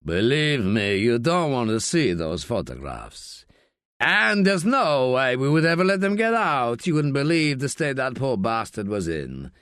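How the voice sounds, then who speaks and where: Man doing a heavyset irritable coroner, brusque, short of breath, lowered voice, dry close audiobook sound. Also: big pitch swings, measured pace, fairly bright tone, smooth, no room sound. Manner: brusque, dismissive. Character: heavy, irritable middle-aged male coroner.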